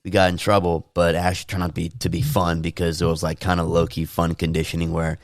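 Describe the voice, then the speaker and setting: A young man in casual podcast chat, telling animated stories and shouting the quoted lines in high voices. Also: fast, no room sound, studio quality. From California. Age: young adult. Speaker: podcast co-host.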